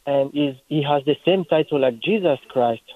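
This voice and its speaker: A man from Congo with a French accent, calling in earnestly and haltingly with a question. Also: fairly high pitch, no echo. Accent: French-speaking Congolese. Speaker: caller. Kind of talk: call-in question. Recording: tinny phone line.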